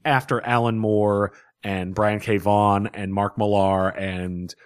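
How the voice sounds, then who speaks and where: A man co-hosting a casual comic book review chat, talking in an animated way and laughing readily. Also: lowish voice, slow pace, clear, resonant tone, no room sound, studio quality.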